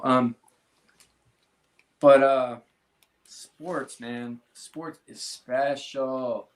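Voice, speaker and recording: A middle-aged man speaking candidly as an interview guest, earnest and halting, often restarting his sentences. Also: medium pitch, fairly even intonation, reverberant. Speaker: sports team executive, guest.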